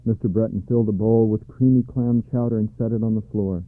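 A man calmly reading a children's storybook aloud, in a measured way, on a dry, tinny recording. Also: fairly low pitch, no echo. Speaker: narrator. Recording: dry tinny narrow-band sound.

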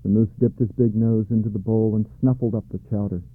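A man calmly reading a children's storybook aloud, in a measured way, on a dry, tinny recording. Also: fairly low pitch, no room sound. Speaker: narrator. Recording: dry tinny narrow-band sound.

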